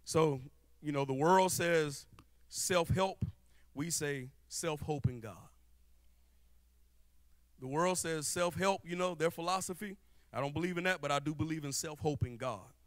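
A young man preaching a lively sermon in church. He jokes and calls out to the congregation in a casual, playful way. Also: a little high, unhurried, long pauses, no echo. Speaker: guest preacher. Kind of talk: lively church sermon with spoken-word rap. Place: church sanctuary before a live congregation.

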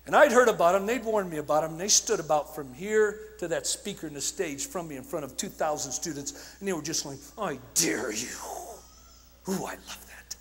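A man preaching at a conference, telling stories with passion, shouting at times and dropping to a hush at others. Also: fairly high pitch, expressive, a little fast, hardly any pauses, husky. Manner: impassioned storytelling, swinging from shouts to hushed tones. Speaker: evangelist speaker. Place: large conference hall. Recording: long hall reverb.

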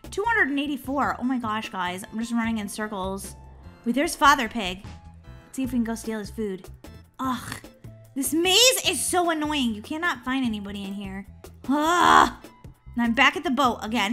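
A woman hosting a gaming channel, giving excitable let's-play commentary, giggling and shrieking when chased. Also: high-pitched.

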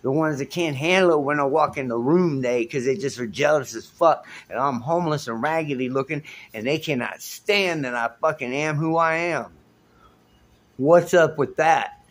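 A man's voice: on the high side, normal speed, few pauses, a bit bright. A man telling raw, rambling stories on his own phone vlog, agitated and swearing as he talks, recorded in a hotel room on a handheld phone. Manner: raw, unscripted storytelling. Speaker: vlogger.

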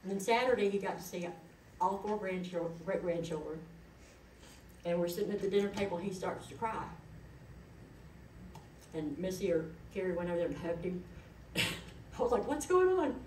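Sounding far off in an echoey hall, a middle-aged daughter eulogizes her late parent through folksy, conversational stories. Her voice is fairly low, at normal speed with long pauses, over slight background noise.

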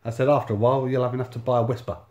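A man's voice: medium pitch, level tone, rapid-fire, a little mellow, reverberant, lo-fi sound. A man in his thirties telling a personal story in a sardonic, sweary way, full of reported speech. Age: 30s. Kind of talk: casual storytelling monologue.

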